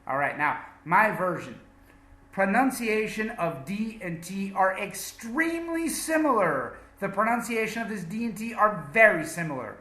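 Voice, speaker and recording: A man teaching English pronunciation, drilling words slowly and emphatically. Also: high voice, animated, sharp tone, reverberant. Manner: slow, deliberate drilling with emphatic repetitions.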